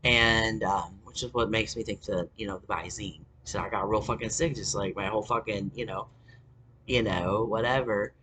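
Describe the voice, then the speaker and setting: A man's voice: fairly low pitch, steady tone, normal speed, noisy background. A man telling a story in a rambling, casual way, full of fillers, restarts and swearing.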